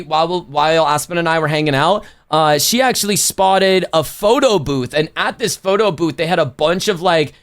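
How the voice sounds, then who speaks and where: A male streamer talks casually with his chat, with loose slang and frequent self-corrections. His voice sits high for a man. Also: a bit bright. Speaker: livestreamer.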